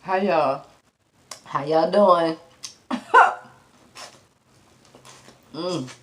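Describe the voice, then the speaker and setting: A woman's voice: low-pitched, very slow. A woman hosting a seafood eating show, chewing between short remarks, humming with enjoyment and talking straight to her viewers. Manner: addresses viewers directly and teasingly. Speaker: mukbang host.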